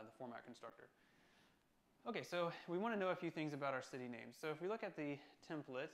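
Male coding instructor, gravelly mid-pitch voice, casual screencast, talks it through with ums and restarts. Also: fairly bright tone. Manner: thinking aloud, many fillers and self-corrections.

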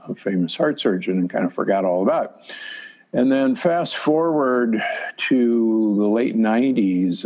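A man's voice: sits low, a little mellow, slightly rough. An older man, a doctor who is a guest on a podcast, telling a story in a wry, anecdotal way. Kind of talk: interview storytelling.

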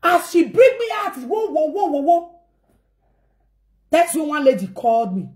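Lively high-voiced Nigerian Pidgin storyteller woman. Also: unhurried. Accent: Nigerian Pidgin English. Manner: dramatic, acts out quoted voices, swings between shouting and murmuring. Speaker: vlogger telling a family story. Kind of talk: animated storytelling.

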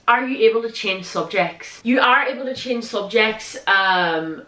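A woman's voice: fairly high pitch, lively intonation, sharp tone, reverberant. A teenage girl with an Irish accent from Donegal, chatting jokily to camera in her bedroom. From Ireland. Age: teens. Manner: chatty, jokey, quick to laugh. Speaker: vlogger. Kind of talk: casual chat to camera.

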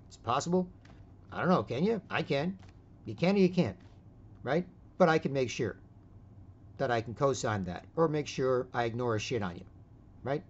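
A medium-pitched, animated man hosts an online voice chat, talking at a moderate pace with long pauses. He goes on a loose, rambling rant, repeatedly adding "right?" to his lines, captured in dull lo-fi sound.

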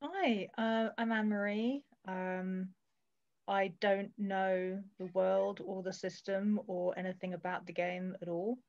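A woman's voice: mid-range voice, steady tone, a little slow, darkish tone. A woman introduces herself as a newcomer player, hesitant with self-mocking humor. Her mic sounds a little dull and lo-fi. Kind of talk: casual stream introduction.

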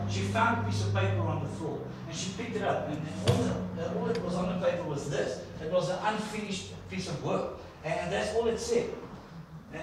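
A man's voice: high voice, background noise. Man, preacher, sermon, storytelling, asks listeners questions, far from mic, echoey church.

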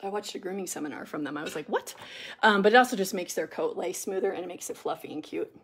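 A lowish-voiced middle-aged woman talks rapid-fire while grooming her dog, chatting casually and rambling with many ums and restarts, plus soft cooing remarks aimed at the dog.

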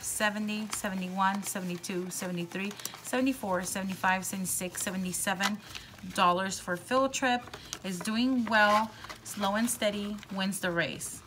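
Brief: woman budgeting vlogger, mid-pitch, chatty and excitable, audible background noise. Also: moderate pace, low-quality recording. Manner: chatty, excitable, counts bills aloud. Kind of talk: casual voice-over while counting cash.

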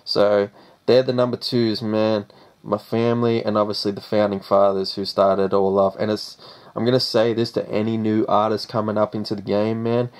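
A man's voice: fairly low pitch, level tone, normal speed, darkish tone. A young Australian man, a rapper, answering interview questions in a casual, laid-back way and saying "man" after most phrases.

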